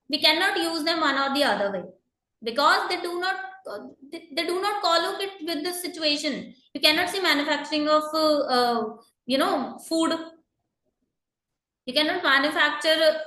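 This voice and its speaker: A woman with a high, bright voice teaches an exam-prep lesson in an echoey room. She explains patiently, fills pauses with "uh" and "you know", and keeps repeating her main points. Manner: patient and explanatory, many fillers and repeated reminders. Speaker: IELTS teacher. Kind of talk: online lesson, explaining to students.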